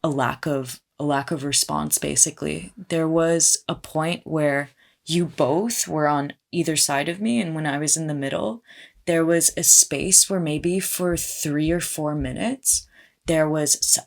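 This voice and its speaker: Low-voiced young woman, measured. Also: vocal fry. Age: young adult. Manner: measured, searching, analytical. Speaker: artist, podcast guest. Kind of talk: reflective casual conversation.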